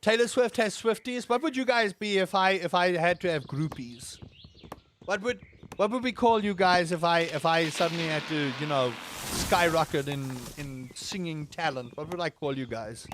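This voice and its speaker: A high-voiced man talks casually on a live game stream, wandering from thought to thought and poking fun at himself. He reads his chat aloud and answers it. A faint hiss runs under the recording. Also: normal speed, a bit bright. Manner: rambling, self-mocking, reading chat aloud.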